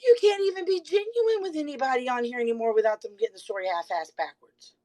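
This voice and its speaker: Confrontational woman streamer, quick pointed questions. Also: sits high, low-quality recording. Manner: rapid bursts, insists she is calm. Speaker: live streamer. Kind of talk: livestream call-out rant. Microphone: phone.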